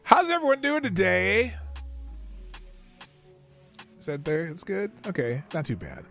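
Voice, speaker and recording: A man's voice: high-pitched, huge pitch swings, a little slow, creaky, over music. A middle-aged man hosting a live commentary stream, rambling in a casual, chuckling way with sing-song asides. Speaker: host of a live commentary show.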